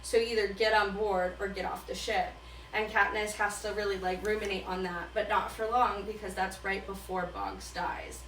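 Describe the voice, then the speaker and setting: A woman giving casual, profane commentary on books, retelling scenes with quick character quips. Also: mid-range voice, flat delivery, fairly bright tone, roomy sound, distant mic, slight background noise, poor audio. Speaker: book commentator.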